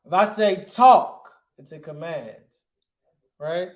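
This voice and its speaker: A man's voice: fairly high pitch, a little slow, darkish tone, roomy sound. A male teacher giving a grammar lesson, asking his class questions and answering them himself, often checking with "right?".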